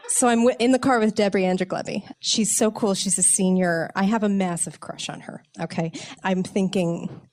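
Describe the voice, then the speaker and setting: A young woman tells a comic story about herself with wry, self-mocking energy. Her voice sits at an ordinary mid pitch, and she breaks into laughter as she talks. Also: steady tone, normal speed, hardly any pauses, darkish tone. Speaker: comedian telling a story.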